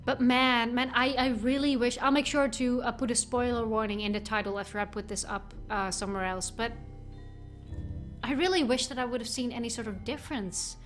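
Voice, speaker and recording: Brief: young woman let's-player, chatty and rambling, higher voice, game music behind. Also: steady tone, brisk, a bit bright. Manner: chatty, rambling, self-interrupting. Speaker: let's play host. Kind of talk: casual game commentary.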